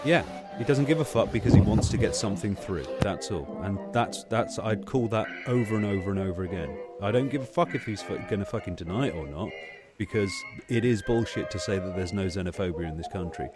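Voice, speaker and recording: A man rants and swears his way through a casual podcast chat. His voice sits low. Music plays clearly in the background. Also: lively intonation, a little fast. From Cornwall, England. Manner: heated, sweary, ranting. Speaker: podcast host.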